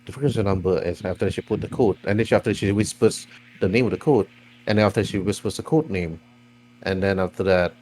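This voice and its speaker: A man's voice: on the low side, fast talker, darkish tone. A man narrating a tabletop role-playing game as game master, with meandering, restart-filled phrasing.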